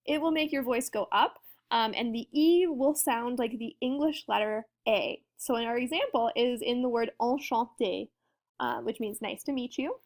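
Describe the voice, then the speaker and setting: A woman with a slightly high voice walks her students through a lesson. Her manner is friendly and explanatory, and she keeps asking her class questions as she goes. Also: moderate pace. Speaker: French teacher.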